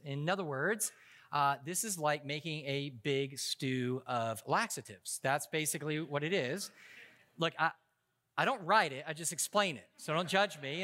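A man with a fairly high, sharp voice preaches a sermon as pastor. He tells funny stories in a casual, conversational way, often stopping to restart his sentences.

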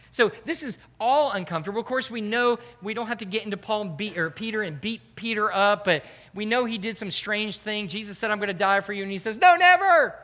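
A man preaching a sermon as pastor, animated and rhetorical. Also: high-pitched. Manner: animated, rhetorical, acts out quoted voices. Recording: hall reverb.

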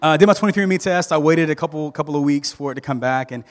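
Animated pastor in a reverberant hall. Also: male voice, on the high side, very fast. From Southern United States. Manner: animated, joking storyteller with frequent restarts. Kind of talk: sermon. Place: church sanctuary.

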